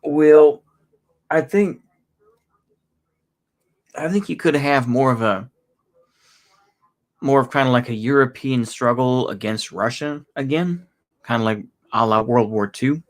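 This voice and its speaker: Rambling Texan man chatting on a livestream. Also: medium pitch. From Texas. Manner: rambling, halting, with many restarts and fillers. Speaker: livestreamer answering chat. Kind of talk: casual livestream chat.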